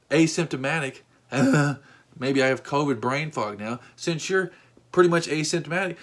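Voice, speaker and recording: Animated exasperated storytelling man. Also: a little high. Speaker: vlog host. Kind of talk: storytime vlog.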